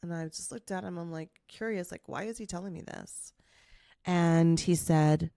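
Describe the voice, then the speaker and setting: A woman podcast host telling a story in a monologue, acting out the quoted dialogue with lively energy. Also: fairly low pitch, normal speed, no room sound, studio quality. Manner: animated, acts out quoted dialogue.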